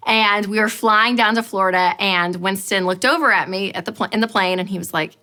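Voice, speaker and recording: Animated, bright-voiced woman telling a story. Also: mid-range voice, a little fast, few pauses. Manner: animated storyteller, acts out quotes. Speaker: financial course teacher. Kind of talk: storytelling talk to an audience.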